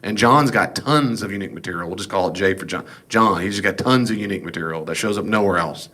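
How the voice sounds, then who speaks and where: A man's voice: deep voice, fast talker, sharp tone. Folksy middle-aged man lecturing on scripture. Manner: conversational, folksy asides. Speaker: Bible teacher. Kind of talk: classroom lecture.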